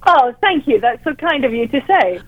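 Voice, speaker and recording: A Scottish woman author answers politely, her voice a little high. She comes through a thin, tinny remote line with the muffled sound of a phone call. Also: very animated, normal speed. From Scotland. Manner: polite, gracious, laughs lightly. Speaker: author guest. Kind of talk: interview answers.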